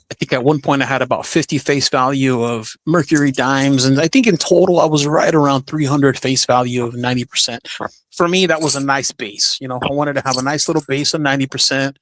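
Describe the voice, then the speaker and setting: A man's voice: mid-range voice, a bit bright, dry recording. A man hosting a livestream, chatting casually and upbeat, reading viewer comments aloud with many fillers. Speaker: livestream host.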